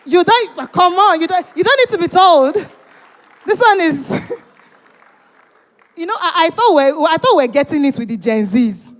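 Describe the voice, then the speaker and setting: An unhurried, high-pitched woman hosts a live event on a handheld mic, leaving long pauses. Animated and teasing, she banters with the audience, coaxing them to answer and cheer as her voice carries the long reverb of a big hall.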